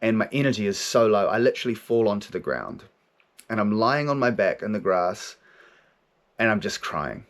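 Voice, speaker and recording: A man's voice: on the low side, very animated, moderate pace. A man hosting a podcast, telling a raw personal story in a monologue, swearing heavily and repeating his words. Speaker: podcast host.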